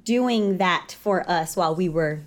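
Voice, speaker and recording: A woman guest in a casual chat, animated and dramatic, often laughing as she talks. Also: fairly low pitch, a little slow.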